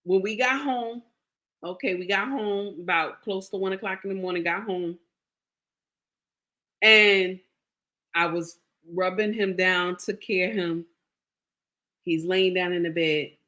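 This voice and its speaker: A woman's voice: fairly low pitch, unhurried, pauses often, bright, forceful tone. A middle-aged woman telling viewers a personal story in a casual, emphatic way, repeating phrases and speaking to them directly. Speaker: vlogger sharing a personal story.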